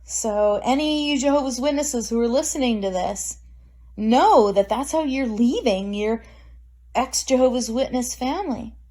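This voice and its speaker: Woman vlogger, fairly high voice, bitter and emphatic, wry laughter; personal monologue. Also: expressive, measured pace, mellow. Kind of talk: emotional personal vlog monologue.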